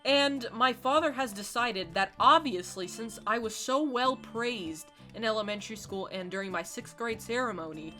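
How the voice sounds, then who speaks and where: A woman's voice: on the high side, animated, moderate pace, hardly any pauses, pushed and bright, faint music behind. A young woman in her late teens, chatting through a dramatic, exasperated storytime rant while playing a game. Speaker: gaming YouTuber.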